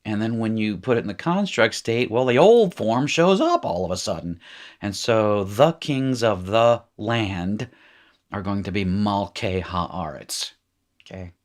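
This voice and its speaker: A man with a somewhat low voice teaches a recorded language lesson. He talks casually and drops in little jokes as he walks through examples. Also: expressive, measured pace. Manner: chatty, joking asides. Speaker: Hebrew teacher. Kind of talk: recorded lecture.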